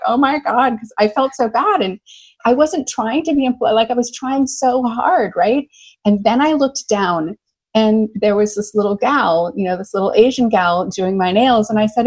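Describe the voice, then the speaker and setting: A middle-aged American woman, a love coach, telling stories in an animated, enthusiastic way during an interview. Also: mid-range voice, rough recording. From United States. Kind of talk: conversational interview.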